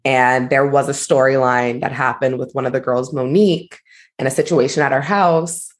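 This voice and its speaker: A woman co-hosting a podcast, chatting in a gossipy, animated way and saying "like" a lot. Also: rumbling low, normal speed. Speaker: podcast co-host. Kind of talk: casual chat.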